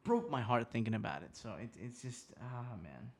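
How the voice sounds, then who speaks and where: A man's voice: medium pitch, normal speed. Man, podcast host, casual solo chat, rambling, profane, mid-range voice, small home studio. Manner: rambling, profane, swings between subdued and excited.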